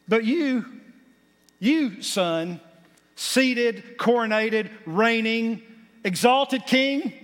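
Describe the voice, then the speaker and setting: A man's voice: very high voice, a bit bright. A man preaching a sermon as pastor, building to emphatic points with folksy asides. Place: church sanctuary. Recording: long hall reverb.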